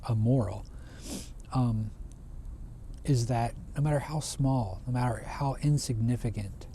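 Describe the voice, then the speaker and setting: A man retelling a traditional folk tale in a relaxed, conversational way, often restarting his phrases. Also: medium pitch, slight background noise. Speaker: storyteller. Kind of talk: casual oral storytelling.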